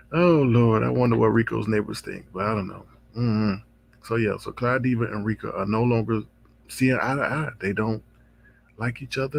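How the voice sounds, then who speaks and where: A man with a gravelly, slightly husky voice hosts his own commentary channel. He talks casually and reacts to gossip with stretched-out exclamations. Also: medium pitch. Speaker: drama commentary channel host.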